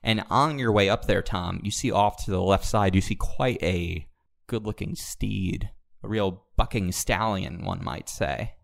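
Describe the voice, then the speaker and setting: A young man narrating a tabletop game as game master, quick and animated. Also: on the low side, vocal fry.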